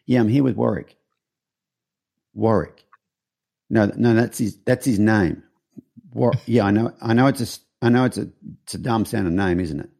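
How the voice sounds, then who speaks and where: A man's voice: on the low side, normal speed, creaky, pauses often, a little mellow. A man playing a joking fellow who chats on the phone to his mum and brags about himself. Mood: teasing. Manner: bragging, teasing.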